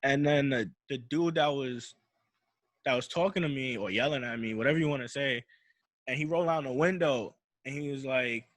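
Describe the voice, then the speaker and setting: A young man recounts a personal story in loose, slangy talk, circling back with "I'm like." His voice sits at a middle pitch, recorded dry with no room sound around it. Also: normal speed, dry recording. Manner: slangy, repeats "I'm like" and restarts while retelling. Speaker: podcast host.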